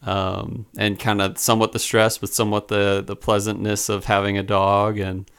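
A man talks in a low, gravelly voice that still sounds smooth and clear. He rambles through casual podcast chat, halting and restarting with many fillers. He sounds a little downcast. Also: little pitch movement, fairly bright tone.

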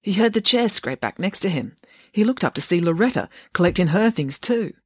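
A woman narrating a children's novel aloud with lively, expressive storytelling. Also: on the low side, brisk, slightly rough, no room sound, studio quality. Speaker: audiobook narrator. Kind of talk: audiobook reading of a children's novel.

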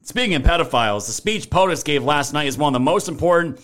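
A man's voice: on the high side, lively intonation, fast talker, few pauses, background noise. A man hosting a political live stream, ranting in a heated, profane way and thanking viewers in chat. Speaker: livestream political commentary host.

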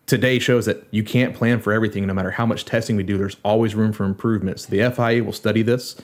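A man speaking as a panelist in a casual podcast discussion, telling stories with quick jokes. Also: fairly low pitch, fairly even intonation.

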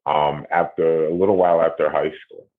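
A middle-aged man from Ohio, a documentary series host, telling stories in a rambling, animated way. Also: very deep voice, brisk. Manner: rambling, animated retelling with acted quotes. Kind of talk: casual interview conversation. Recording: tinny phone-like audio.

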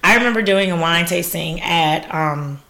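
A woman who runs wine classes, talking on a podcast in a lively, laughing, exclamatory way. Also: lowish voice, moderate pace, creaky. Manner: animated, laughing, exclamatory storyteller. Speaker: wine educator and business owner. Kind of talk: casual podcast interview.

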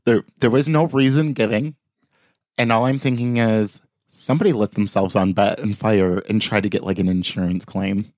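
Low-voiced man in casual podcast chat. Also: fairly even intonation, moderate pace, darkish tone, no room sound, studio quality. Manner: laughs often, tells loose anecdotes with restarts. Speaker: podcast co-host.

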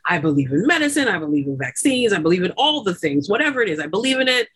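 A woman doula, a guest on an interview podcast, telling her own story in an animated way with many fillers and frequent laughs. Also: lowish voice, fast, slightly rough. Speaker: doula and lactation consultant guest.

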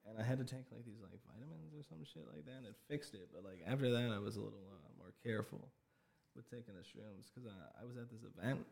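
A man's voice: on the low side, fast, vocal fry, darkish tone, breathy edge. A young man, a podcast guest, chatting casually and telling rambling stories with lots of laughter and acted-out quotes. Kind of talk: casual chat.

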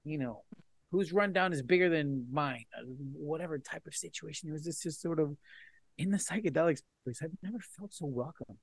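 A man talking as a podcast guest in casual conversation, animated, swearing and often repeating words as he restarts. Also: a little high, normal speed, gravelly, husky.

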